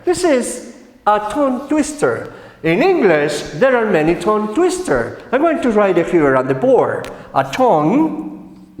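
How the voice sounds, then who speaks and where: A man's voice: sits high, very animated. A man teaching an English lesson on TV, switching between English and Spanish and drawing out model phrases for students to repeat. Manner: slow, drawn-out model phrases for repetition. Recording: echoey room with long reverb.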